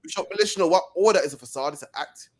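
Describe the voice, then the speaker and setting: A man's voice: high voice, fast talker, darkish tone. A man from Birmingham, England, co-hosting a podcast in heated casual chat, preachy and slangy, ending lines with "man". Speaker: podcast co-host.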